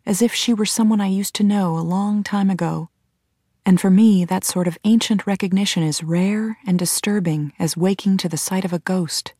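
A woman reading a first-person audiobook in a measured, tense storytelling manner. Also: medium pitch, warm tone, dry recording, clean studio sound. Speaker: audiobook narrator.

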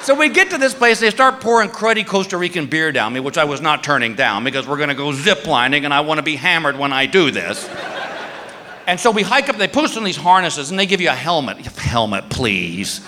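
A middle-aged male comedian tells a story on stage in an animated way, his voice swooping high and low as he acts out the people in it. His tone is bright and his pitch sits high. The sound carries a long hall reverb and a faint room hum. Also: brisk. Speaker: stand-up comedian. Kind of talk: stand-up storytelling. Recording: live hall recording with faint room ambience.

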